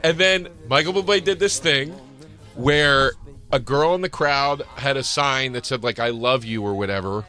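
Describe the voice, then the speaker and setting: A man's voice: mid-range voice, normal speed, bright, forceful tone, soft background music. A man hosting a podcast, telling a profane anecdote in casual chat and laughing as he goes.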